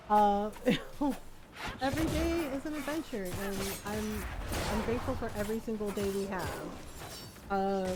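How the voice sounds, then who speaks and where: A woman's voice: fairly high pitch, background noise. A woman streamer chatting casually and affectionately while playing a game, laughing often.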